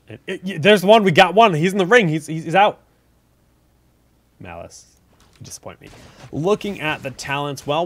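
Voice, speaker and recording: Reviewing replays sent in by viewers, a man gives loose, chatty commentary in a middle-pitched voice. He keeps tripping on his words and starting over, and when a big play goes wrong he erupts in excited yelps.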